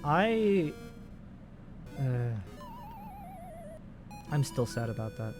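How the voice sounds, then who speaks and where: A man's voice: mid-range voice, sing-song, very slow, music in the background. A man in his twenties giving casual, profane, rambling commentary while playing a video game. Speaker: let's play host.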